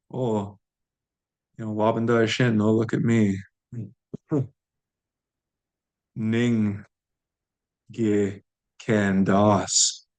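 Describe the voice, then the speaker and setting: A man teaching a language lesson, saying each word aloud and repeating it patiently for learners. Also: on the low side.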